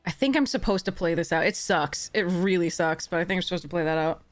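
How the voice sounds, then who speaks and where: Chatty lower-voiced woman streaming a card game. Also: fast, no room sound, soft background music. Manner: chatty, self-correcting, apologetic asides. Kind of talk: casual commentary while playing a card game.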